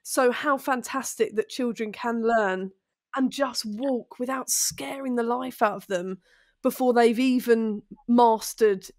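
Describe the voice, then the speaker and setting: A woman's voice: a little high, measured pace, no echo, clean studio sound. A woman hosting a podcast interview, chatting and reflecting on her own experience. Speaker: podcast host. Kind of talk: conversational interview chat.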